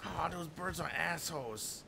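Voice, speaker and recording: A man streaming a video game live, reacting aloud with frequent swearing and excitable running commentary. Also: fairly high pitch, measured pace, gravelly, noisy background. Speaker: gaming streamer.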